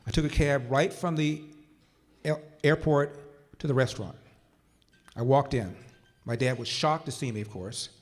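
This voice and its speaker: An older man addressing a conference crowd from a stage, his voice sitting in a middle pitch. He tells his story in a measured way, easing into quiet, slow phrases for weight and then pushing up to firm, emphatic points. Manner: storyteller who slows down and drops quiet for emphasis, then rises to forceful points. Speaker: conference speaker. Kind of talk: political speech with personal storytelling.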